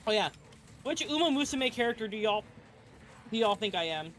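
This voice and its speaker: A woman's voice: on the high side, animated, moderate pace, a bit bright, slight background noise. A woman streaming a video game who chats casually with her audience, rambling, swearing freely and laughing often. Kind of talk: casual live-stream chat.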